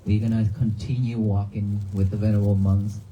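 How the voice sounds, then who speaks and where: A monk giving a calm, repetitive dharma talk outdoors at a cemetery, often asking the crowd questions. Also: male voice, on the low side, a little fast. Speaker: Buddhist monk. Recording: noisy outdoor livestream.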